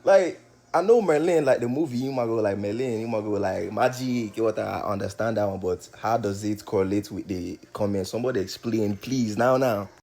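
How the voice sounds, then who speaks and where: A man's voice: lowish voice, normal speed, warm tone. A man from Nigeria talking casually to his viewers, curious and cursing freely as he asks for explanations. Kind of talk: casual vlog chat.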